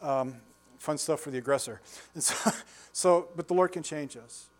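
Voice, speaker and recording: A man's voice: on the high side, moderate pace. A man in his sixties preaching a conversational sermon, telling folksy stories, chuckling often and putting questions to his listeners. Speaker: pastor.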